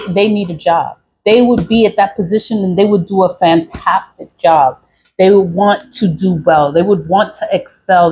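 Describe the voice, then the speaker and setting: A woman's voice: fairly low pitch, muffled recording, slight background noise. A woman vlogger venting to camera in a profane, repetitive rant, with short laughs and sighs. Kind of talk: angry venting monologue to camera.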